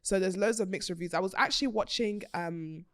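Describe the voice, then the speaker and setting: A woman hosting a podcast, talking in a chatty, animated way, laughing often and swearing freely. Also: medium pitch, a little fast, dry recording, studio quality. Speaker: podcast host. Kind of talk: casual chat.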